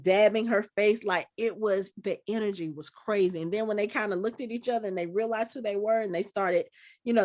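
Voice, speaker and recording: A woman in her forties talking on a casual podcast, retelling a film with lots of energy and little acted-out bits of dialogue. Her voice sits in a middle range for a woman. She is a co-host chatting with friends. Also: medium pitch. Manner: animated storytelling, acting out movie scenes. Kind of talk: casual chat.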